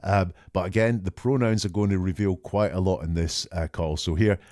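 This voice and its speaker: A male podcast host giving measured, reflective analytical commentary and reading out quoted lines as he goes. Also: sits low, steady tone, darkish tone, dry recording, clean studio sound.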